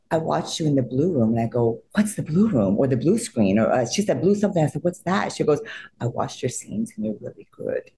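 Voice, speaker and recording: Low-voiced, animated actress retelling stories. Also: female voice, normal speed. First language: not English. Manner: emotional, acts out quotes in high excited voices, laughs often. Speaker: actress, interview guest. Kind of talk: animated storytelling in an interview.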